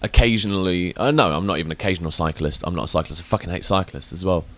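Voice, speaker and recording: A man hosting a podcast, chatting casually and ranting with lots of swearing and loud bursts of emphasis. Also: deep voice, very fast. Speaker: podcast host. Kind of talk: casual chat.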